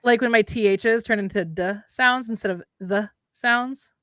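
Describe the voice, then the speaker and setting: A woman's voice: a little high, moderate pace, fairly bright tone, dry recording. A woman with a light Minnesota accent, chatting casually and ramblingly as a livestream co-host. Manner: chatty, rambling, drops in Norwegian words. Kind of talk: casual chat. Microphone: remote streaming setup.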